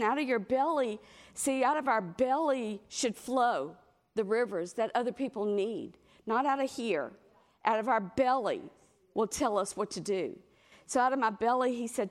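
A middle-aged woman preaches a sermon with animated storytelling. Her pitch sits in the middle, and she jumps into higher, brighter voices when she acts out what others said.

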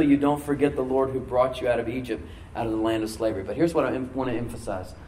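A man preaching a sermon as pastor, stressing words by slowing down and rising in emphasis. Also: mid-range voice, fairly even intonation, darkish tone, distant mic, slight background noise. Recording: echoey room, from off mic.

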